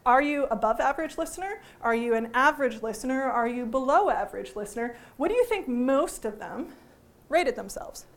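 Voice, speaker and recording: High-voiced, lively woman teaching a workshop. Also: a little fast. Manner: lively, joking, asks the audience questions. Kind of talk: interactive workshop talk. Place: conference room before a live audience.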